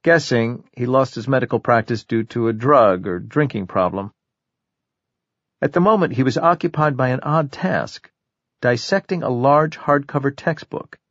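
A man narrating a crime novel audiobook in a measured, even storytelling manner. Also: medium pitch, no room sound, dull audio. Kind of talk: scripted narration.

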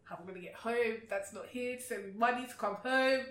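Woman, podcast guest, outspoken, animated storytelling, echoey room. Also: on the high side, brisk. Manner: outspoken, animated, acts out remembered exchanges. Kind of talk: emotional personal storytelling. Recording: roomy sound from a distant mic.

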